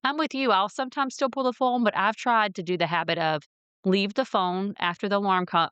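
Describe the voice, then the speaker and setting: Woman hosting a chat, super clear smooth voice, candid, laughs easy, dry close mic. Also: medium pitch, a little fast, fairly bright tone, no echo, lo-fi sound. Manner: chatty, candid, laughs easily. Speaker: podcast host. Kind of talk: conversational interview.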